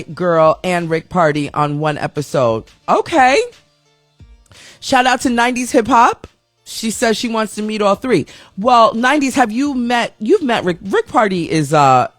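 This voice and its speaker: A man's voice: fairly high pitch, no room sound, studio quality. A man hosting a live radio-style show, chatting casually and rambling while reading the viewer chat aloud.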